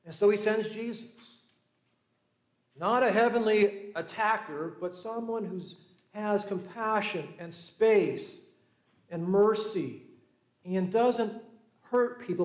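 This sermon comes from a pastor out of Southern California, who tells stories and voices the people in them, swinging from lively to hushed. He has a high-pitched voice and a measured pace, and the room is echoey.

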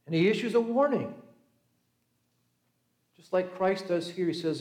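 A middle-aged man preaches to his congregation with a notably high, bright voice. He tells the story in a relaxed, conversational way and slips into the voices of the people in it. The church around him is roomy and echoing. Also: a little slow, long pauses. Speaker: pastor. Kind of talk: sermon.

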